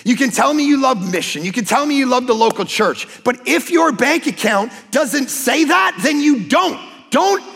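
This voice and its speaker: A man preaching a sermon as a pastor, impassioned and emphatic, sometimes breaking into shouts. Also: very high-pitched, lively intonation, normal speed, creaky, hardly any pauses, in a large hall. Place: church sanctuary.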